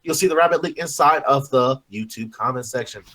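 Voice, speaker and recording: A man's voice: medium pitch, a little fast, a loud crowd. A man on a casual video-call chat, laid-back, explaining the rules with lots of "you know". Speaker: co-host.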